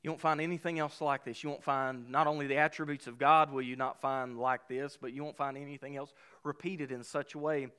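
Clear-voiced man preaching a sermon. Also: mid-range voice, level tone, fairly bright tone. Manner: emphatic preaching, slows down for weighty lines. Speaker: pastor.

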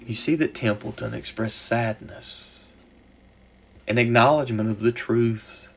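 A man preaching a sermon, reading a story aloud with rising passion and then dropping to soft, slow appeals. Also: fairly low pitch, creaky, breathy edge.

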